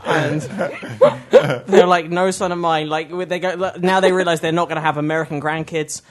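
A man with a British accent, a guest on a comedy podcast, making dry deadpan quips. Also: on the high side, normal speed. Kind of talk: casual comedic banter.

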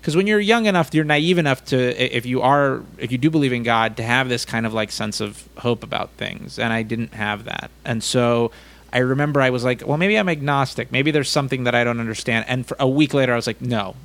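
A young man chatting on a podcast, rambling and self-deprecating with quick jokes. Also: mid-range voice, a bit bright. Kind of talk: casual podcast chat.

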